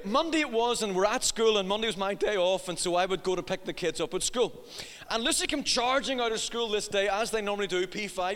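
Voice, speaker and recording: A man's voice: sits high, fairly bright tone, slight background noise. A middle-aged man preaching a sermon, telling a funny family story and acting out the voices. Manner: humorous storyteller, acts out voices, laughs at own jokes. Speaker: pastor. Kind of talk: sermon with personal anecdote. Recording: long reverb of a hall.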